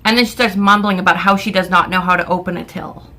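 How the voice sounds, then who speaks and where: A young woman from Canada telling a storytime vlog in an exasperated, swearing rant. Her voice is bright with a gravelly fry running through it. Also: fairly low pitch, fairly even intonation, racing, few pauses. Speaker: vlogger.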